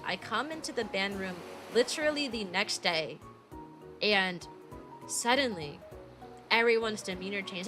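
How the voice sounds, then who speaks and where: A woman's voice: medium pitch, pushed and bright. A woman in her twenties, a streamer telling a casual story full of fillers, indignant and rambling. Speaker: VTuber streamer.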